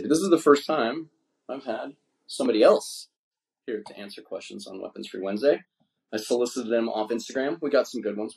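Male podcast host, low gravelly voice, casual and foul-mouthed. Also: a little mellow. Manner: profane, rambling, laid-back. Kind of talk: casual chat. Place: indoors, drinking wine.

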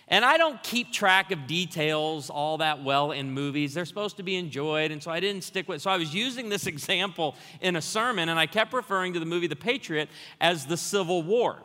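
A man preaches a lively, joking sermon, spinning stories for the congregation. His fairly high voice has a bright, forceful edge, and long reverb rings through the church hall. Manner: humorous, storytelling, animated. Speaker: guest pastor.

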